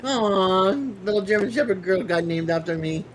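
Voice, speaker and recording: A woman in a casual chat with friends, giggly and animated as she swaps pet stories. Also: medium pitch, normal speed, a little hiss or hum.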